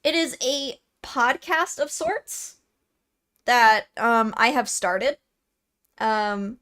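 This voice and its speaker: A young woman with a Californian accent chats slowly and easily with her stream, her voice sitting a little high. She reads comments aloud, laughs often and trips over her own words as she answers. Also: expressive, pushed and bright. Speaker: VTuber streamer. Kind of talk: casual live-stream chat, reading comments.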